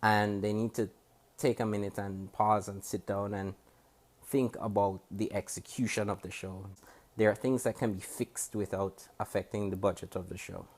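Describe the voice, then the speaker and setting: A man with a Jamaican accent, speaking to camera as he reviews a TV show. He talks in a critical, measured way and often restarts his sentences as he thinks aloud. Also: on the low side, flat delivery, darkish tone. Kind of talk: casual spoken review to camera. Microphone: camera facing the speaker.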